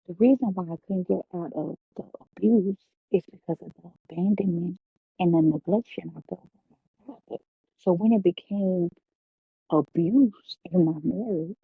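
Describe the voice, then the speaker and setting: Podcast guest, woman, husky gravelly voice, heartfelt testimony, thin phone-like sound. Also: on the low side, no room sound. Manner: storytelling, preacherly, heartfelt. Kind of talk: emotional personal testimony. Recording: phone-like, dry.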